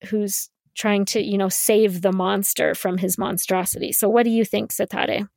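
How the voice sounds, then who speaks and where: A woman's voice: medium pitch, steady tone, moderate pace, gravelly, a little mellow, no echo, clean studio sound. A woman hosting a podcast, talking casually with many fillers and reading quoted passages aloud. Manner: conversational with frequent fillers, laughs lightly. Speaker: podcast host.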